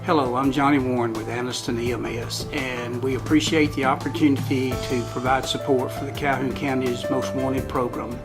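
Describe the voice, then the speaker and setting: A man's voice: mid-range voice, fairly even intonation, moderate pace, hardly any pauses. A man giving a scripted sponsor message in a plain reading voice. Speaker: sponsor spokesman. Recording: loud music bed underneath.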